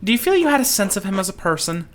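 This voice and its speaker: A formal, probing church official, read by a man. He questions a witness in a measured, official manner. His pitch moves in a lively way. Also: a little hiss or hum.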